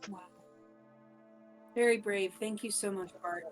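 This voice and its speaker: A woman's voice: medium pitch, steady tone, a little slow, faint music behind. Woman game master prompting players. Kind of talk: running a tabletop game.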